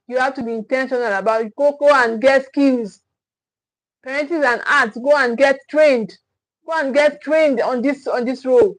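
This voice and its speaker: A woman's voice: sits high, low-quality recording. A woman giving a motivational parenting talk as a coach, emphatic and repetitive in a preacher-like way.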